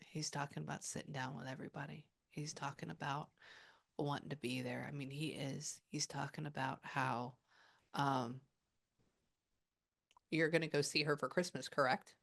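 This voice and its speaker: A woman with a fairly low voice leads a spirit reading. She talks casually, breaks off to listen, then relays what she hears in quick quoted bits. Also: steady tone, creaky, fairly bright tone. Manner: relays a spirit's words with quick asides and pauses. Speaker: psychic medium.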